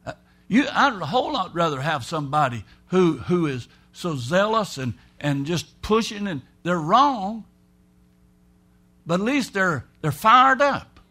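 High-voiced folksy preacher man. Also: very animated, a little slow, a bit bright. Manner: folksy, emphatic, acts out quoted voices. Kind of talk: sermon.

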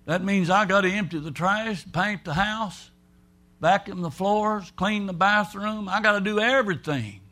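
A man with a high-pitched voice preaches a sermon. He talks in a folksy, emphatic way and slips into the voices of the people he quotes. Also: unhurried, pushed and bright.

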